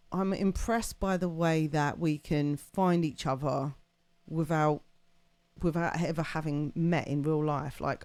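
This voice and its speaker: A woman's voice: low voice, darkish tone, no room sound. Woman streamer rambling to chat, dry close mic, lots of "like" and laughs. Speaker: livestream host. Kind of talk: casual chat with live chat.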